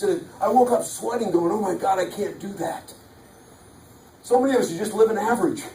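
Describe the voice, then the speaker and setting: Very high-pitched yet a little mellow, a man's voice comes through with a slight hiss or hum as he gives a joking, punchy motivational sales talk. He's a preacher-like motivational speaker addressing a live audience, recorded from far off in a big echoey hall.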